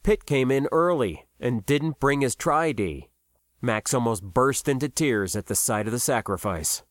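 A man narrating a science fiction story in a measured, expressive way. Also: mid-range voice, no echo, clean studio sound. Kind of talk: audiobook narration.

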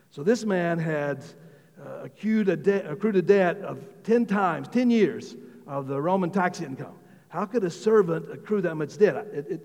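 A high-pitched man delivering a sermon in a hall with a long, lingering reverb. He preaches in a loose, conversational way, stumbling over restarts and repeating words, and his voice climbs and grows louder when he exclaims. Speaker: pastor.

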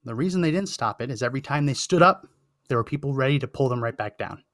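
A man's voice: mid-range voice, animated, quick pace, a bit bright, dry recording, studio quality. A man hosting a political commentary show, talking in an impassioned, emphatic way and repeating phrases for effect. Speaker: podcast host.

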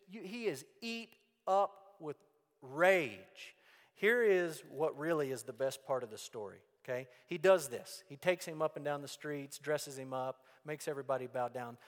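A pastor giving a folksy, animated sermon. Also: male voice, a little high, unhurried. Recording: long reverb in a church hall.

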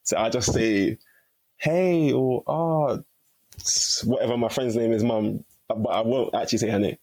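Laid-back young man, husky. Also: fairly low pitch, a little fast, rough recording. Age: young adult. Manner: chatty and relaxed, heavy use of "like". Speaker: podcast guest. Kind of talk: casual storytelling chat.

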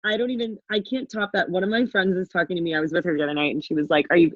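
A woman's voice: lowish voice, fairly even intonation, racing, no echo, highs cut off. A young woman co-hosting a podcast, telling rambling stories in casual chat, laughing often and swearing freely. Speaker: podcast co-host.

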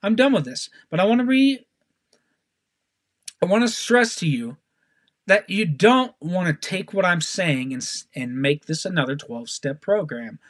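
A man delivers a fervent sermon in a notably high voice. He repeats key phrases and slips into pleading prayer. The sound is dry and close, with no room echo. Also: animated, a little slow. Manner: fervent, repetitive, prays aloud, swings between rising emphasis and quiet pleading. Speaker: preacher.

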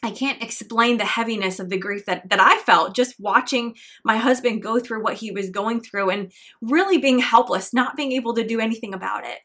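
A woman's voice: fairly high pitch, a bit bright. A middle-aged woman hosting her own podcast, talking alone in an earnest, encouraging way about pressing on through hard times. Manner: earnest, encouraging, faith-tinged. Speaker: podcast host. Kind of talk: solo motivational podcast monologue.

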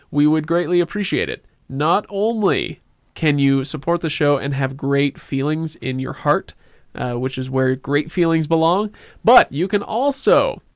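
A man's voice: on the high side, clean tone, dry recording, studio quality. A man hosting a casual podcast, talking in a loose, joking way with plenty of filler words. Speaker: podcast host.

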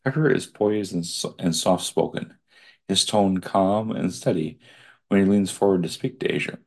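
A man's voice: low voice, normal speed, a little mellow. A man reading an article aloud and breaking off to add his own digressive comments.

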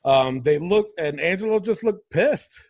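A man hosts a laid-back podcast chat in a fairly high, very lively voice that swings up and down. He talks loosely and swears freely. The sound is dry and close. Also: measured pace, dry recording. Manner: animated, swears, mimics commentators. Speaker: podcast host. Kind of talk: casual wrestling review chat.

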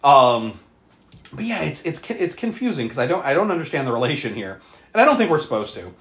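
A podcast co-host recapping a horror movie in casual chat, animated and profane, often laughing. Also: brisk. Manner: animated, profane, laughing, with sudden pitch jumps. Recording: roomy echo.

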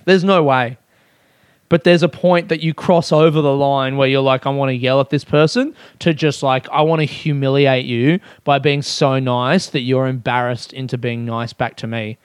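A young man, a comedian, telling a story casually, animated and self-mocking, his voice jumping high when excited. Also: clear, resonant tone, dry recording.

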